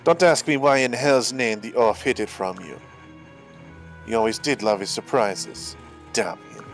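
A fierce, brash warrior queen , voiced by a man with a gruff accent that keeps slipping. The accent shifts from line to line. Faint game music plays underneath. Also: mid-range voice, a little slow, close to an everyday voice. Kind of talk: amateur voice-over of game dialogue.

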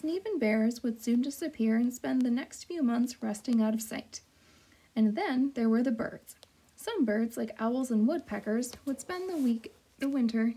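Woman reading a kids' book out loud, soft, a little husky, calm and steady. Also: fairly high pitch. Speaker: storyteller. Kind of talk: storybook read-aloud.

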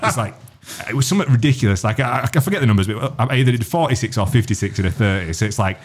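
A man, hosting a podcast and telling a story in a lively, sweary way. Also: medium pitch, rapid-fire, breathy edge. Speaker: podcast host. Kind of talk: casual chat.

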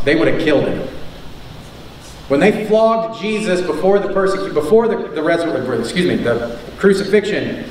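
A man with a high voice preaches to a congregation, driving his points home by repeating them and asking rhetorical questions. He sounds distant from the microphone in a very echoey church, with a faint hiss behind him. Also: a little mellow. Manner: emphatic, repeats key lines, asks rhetorical questions. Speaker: preacher and teacher. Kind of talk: sermon. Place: church sanctuary. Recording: echoey room, far from the mic, faint noise.

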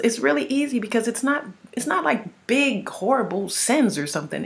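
A woman's voice: fairly high pitch, vocal fry. A woman giving a spiritual testimony and teaching in a rambling, conversational way, often asking "right?" and repeating words as she goes. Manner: conversational, rambling, frequent "you know" and "right?"; frequent word repeats and restarts. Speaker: ministry teacher.

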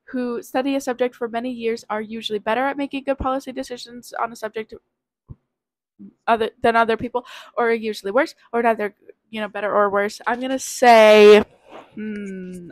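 A nineteen-year-old woman sick with covid takes a quiz aloud in a casual vlog, rambling hesitantly and putting herself down. Her voice is on the high side, fairly quick with fairly even intonation, in a dry, low-quality recording.

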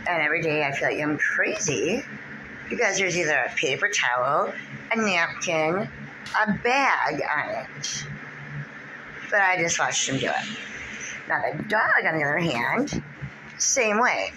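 A woman's voice: low voice, big pitch swings, measured pace, long pauses, background noise. A woman vlogging casually about her pets, chatty and easygoing, slipping into baby talk with them. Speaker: vlogger and pet owner. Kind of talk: casual vlog chat.

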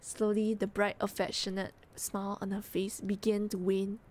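A woman streamer reading a story aloud on a live stream in a gentle, measured voice. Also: medium pitch, level tone. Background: music.

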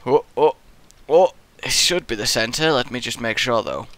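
A young man with a mid-range, fairly bright voice, lively intonation, normal speed, and no echo commentates his own Minecraft gameplay. He rambles goofily, mutters to himself, and slips into silly voices.

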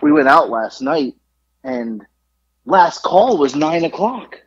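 A man co-hosting a podcast in casual chat, telling a story with lively acted-out quotes and free swearing. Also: fairly high pitch, slow, slightly rough, lo-fi sound. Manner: animated storyteller, acts out quotes, swears freely. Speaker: podcast co-host.

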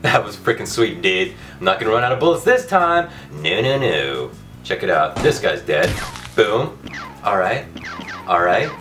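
Loud ranting man doing gameplay commentary, low voice with wild swings, a bit far from the mic, game music behind. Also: big pitch swings, unhurried. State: voice going hoarse. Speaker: gaming video host.

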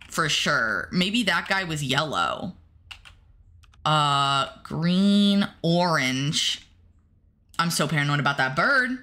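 A woman streamer with a lowish voice that sounds pushed and bright plays a horror game. She's jumpy, chatting casually with her viewers and talking to the game itself, and she yelps whenever something startles her.

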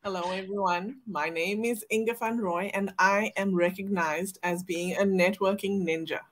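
A woman guest introducing herself on a live talk show, measured and unhurried, with small fillers. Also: mid-range voice, steady tone. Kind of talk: casual chat.

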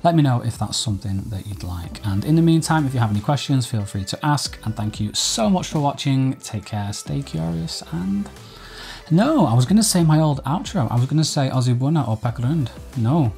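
A man's voice: mid-range voice, animated, moderate pace, creaky, a little mellow, faint music behind. A man hosting a mobile photography channel, explaining an editing app in a casual tutorial to camera, with chatty, self-deprecating asides.

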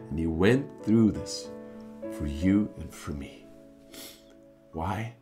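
Male preacher, mid-pitched, slow and earnest, hushed to fervent, light guitar bed. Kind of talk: devotional sermon to camera.

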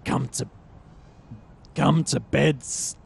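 A man growling as a gravelly noir vampire. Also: medium pitch, animated, exaggerated voice. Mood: grim. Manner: clipped, slow, growled like a hard-boiled detective. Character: gruff noir-style male vampire leaving a terse note.

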